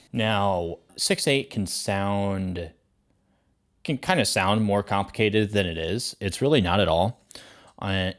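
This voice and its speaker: A man teaching a drum lesson in a casual, chatty way, counting beats aloud and voicing drum sounds. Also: sits low. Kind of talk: casual instructional explanation.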